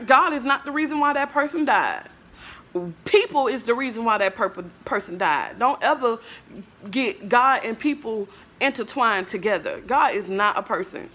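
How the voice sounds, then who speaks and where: A woman's voice: on the high side, animated, normal speed, sharp tone. A woman vlogger in an emotional monologue to camera, ranting in a blunt, emphatic, profane way and leaning on fillers like "like, bruh".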